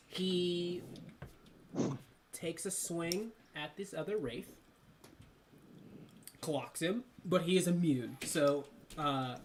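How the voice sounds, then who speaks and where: A man's voice: fairly high pitch, extremely slow, long pauses, noisy background. A man running a tabletop game as game master, talking loosely with plenty of ums and uhs. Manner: loose and chatty, lots of ums and uhs, breaks into laughter.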